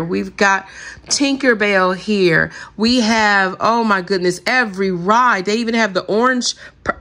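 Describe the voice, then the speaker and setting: Gushing woman with gravelly voice. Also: lowish voice, fairly bright tone. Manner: gushing, chatty, says "y'all" often. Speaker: vlogger showing purchases. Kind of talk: casual haul video chat.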